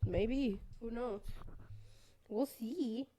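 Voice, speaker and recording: A woman's voice: fairly high pitch, extremely slow, dark tone. A young woman co-hosting a casual podcast, dry and teasing, often laughing at her partner. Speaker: podcast co-host. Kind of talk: casual chat.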